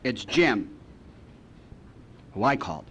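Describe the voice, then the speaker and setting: A man speaking at a recovery meeting, telling his story with lively acted-out phone calls and repeated lines. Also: slow pace. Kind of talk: storytelling talk to an audience. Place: meeting hall. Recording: archival talk recording with faint rumble.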